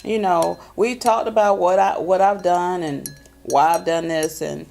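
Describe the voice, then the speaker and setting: Lady in her 30s chatting to camera, folksy, bit of fry in her voice. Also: on the low side, fairly even intonation, darkish tone. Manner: chatty, folksy, drawn-out emphasis. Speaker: vlog host. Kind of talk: casual chat to camera.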